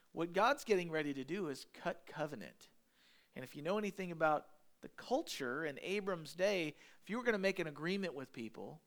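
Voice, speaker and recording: A male pastor preaching a sermon in an animated, conversational way, with emphatic asides to the congregation. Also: fairly high pitch.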